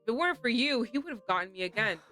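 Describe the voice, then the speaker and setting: A woman streaming a game, reacting with animated, dramatic commentary and reading the lines aloud. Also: fairly high pitch, rapid-fire, soft background music. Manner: animated, laughing, dramatic outbursts. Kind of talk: game playthrough with commentary and read-aloud translation.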